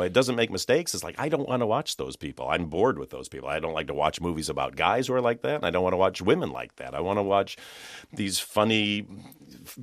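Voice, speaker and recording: A man's voice: on the low side, no room sound, studio quality. A man, a film director, talking animatedly in an interview, laughing often and restarting his sentences as he goes. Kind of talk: conversational interview.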